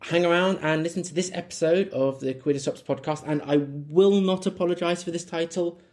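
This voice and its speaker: A man's voice: on the high side, brisk, darkish tone. A man hosting a podcast, talking through an intro in a chatty, apologetic way with frequent ums. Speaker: podcast host.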